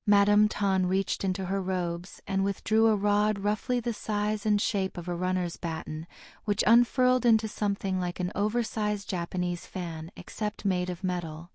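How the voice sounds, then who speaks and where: A woman narrating a fantasy audiobook in a steady, even storytelling read. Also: medium pitch, no room sound, studio quality.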